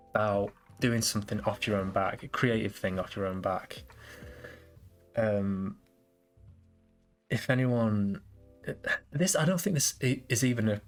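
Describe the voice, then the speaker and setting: Podcast host, male, lower register, loose self-mocking ramble, faint music under the voice. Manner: rambling, self-deprecating, restarts often. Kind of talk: casual solo podcast chat.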